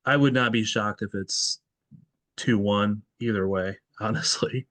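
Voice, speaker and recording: Low-voiced rambling podcast host. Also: male voice, steady tone, a little slow, fairly bright tone, dry recording. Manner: rambling, thinks aloud, self-correcting. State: tired. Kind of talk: casual sports chat.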